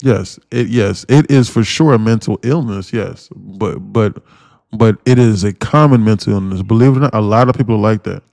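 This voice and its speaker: A man's voice: on the low side, moderate pace, gravelly, a little mellow, no echo, studio quality. A man hosting a day-trading livestream in casual chat, rambling and slangy, firing off blunt rhetorical questions and repeating himself.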